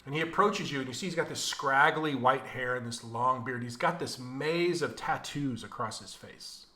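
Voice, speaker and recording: A man serving as game master, narrating a tabletop game in a relaxed, descriptive way. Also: mid-range voice, normal speed.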